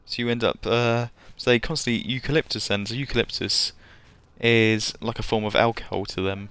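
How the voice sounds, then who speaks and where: A man's voice: mid-range voice, fairly even intonation, moderate pace, fairly bright tone, clear, resonant tone, no room sound. A man chatting casually as a livestreamer during a game, rambling and giggly. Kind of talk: casual gameplay livestream chat.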